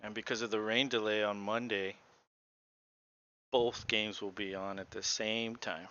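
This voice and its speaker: A man's voice: lowish voice, level tone, measured pace, long pauses, pushed and bright, highs cut off. A man co-hosting a casual play-by-play show, talking through the game with sarcastic asides. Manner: laid-back, sarcastic asides. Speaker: podcast co-host.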